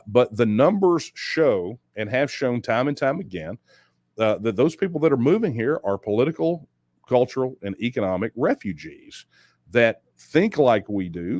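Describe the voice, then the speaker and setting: A man's voice: fairly low pitch, a little mellow, dry recording, studio quality. A man hosting a livestream, answering viewer questions in a conversational way, often repeating himself and speeding up when he makes a point. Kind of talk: livestream Q&A talk.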